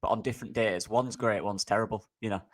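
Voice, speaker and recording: Man, football coach, podcast co-host, low voice, upbeat, chatty, keeps saying mate. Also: steady tone, fast talker. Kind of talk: casual football podcast chat.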